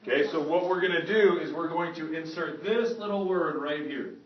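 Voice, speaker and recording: At a moderate pace and with a voice on the high side, a man leads a classroom through Spanish grammar, regularly asking if students are keeping up. He sounds lively, though slight background noise is present. The echoey room and distant mic make the recording dull.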